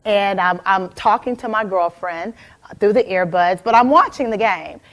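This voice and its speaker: A woman in her forties telling a personal story in a lively keynote talk, calling out to audience members by name. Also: medium pitch, moderate pace. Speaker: motivational speaker.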